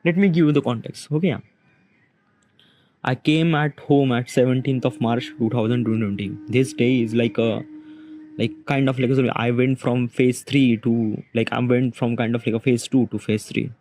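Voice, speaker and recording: A man, giving a halting, rambling confessional monologue in which he questions himself aloud. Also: medium pitch, fairly even intonation, a little mellow, poor audio. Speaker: vlogger. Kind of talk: confessional self-talk monologue.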